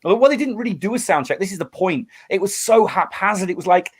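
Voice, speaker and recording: Middle-aged male musician guest, slightly high-pitched, animated storyteller with restarts. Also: quick pace, husky. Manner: animated storyteller, acts out quotes, many restarts. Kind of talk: storytelling in a casual interview.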